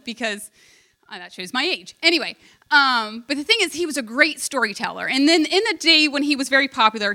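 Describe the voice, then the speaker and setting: A woman's voice: a little high, sharp tone. A woman preaching a heartfelt sermon, retelling a story with earnest emotion.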